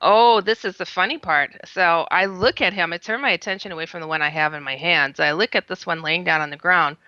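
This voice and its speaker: Speaking briskly in a lowish, bright, forceful voice, a woman guest animatedly recounts an odd encounter she had, laughing occasionally and voicing her own quoted words. The recording feels a bit muffled, lo-fi and close, with no echo or surrounding space.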